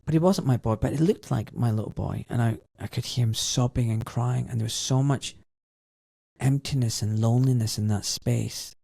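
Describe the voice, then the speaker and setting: Gravelly, mellow-voiced man. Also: mid-range voice, moderate pace, no room sound, studio quality. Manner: emotional, reflective storytelling. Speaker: podcast host. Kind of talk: conversational interview.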